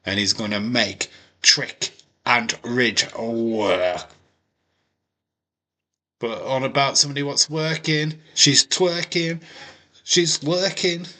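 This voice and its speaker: A man reacting live to a wrestling broadcast in a bright, forceful voice. He talks at an unhurried pace, chatty and loose, and bursts into excitement now and then. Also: mid-range voice. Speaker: wrestling watch-along streamer.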